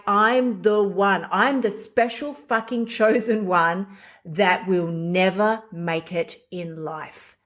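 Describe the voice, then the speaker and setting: A middle-aged woman hosting a podcast, speaking candidly and bluntly in a confessional solo monologue, swearing freely. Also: medium pitch. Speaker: podcast host.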